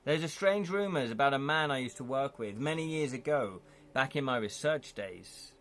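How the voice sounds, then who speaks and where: A man reading a gamebook aloud, voicing a guarded, weary businesswoman in a quiet, measured, low tone. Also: lively intonation.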